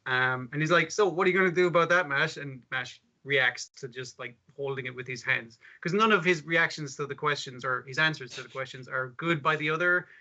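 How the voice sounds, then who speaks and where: A man's voice: medium pitch, normal speed, hardly any pauses, sharp tone. A man co-hosting a casual anime podcast, talking animatedly, swearing and acting out characters' lines. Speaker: podcast co-host. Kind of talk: casual chat about anime. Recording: muffled, lo-fi audio.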